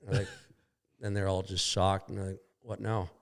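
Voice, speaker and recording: Low-voiced man telling a racing story. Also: little pitch movement, normal speed. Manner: rambling, profane, acts out quoted dialogue. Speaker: podcast guest. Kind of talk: casual storytelling. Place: shop.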